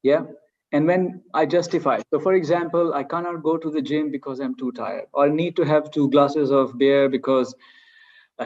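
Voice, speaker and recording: A man's voice: mid-range voice, fairly even intonation, moderate pace, a little mellow, lo-fi sound. A man giving an earnest online coaching talk, acting out everyday excuses in little quoted voices. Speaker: leadership coach.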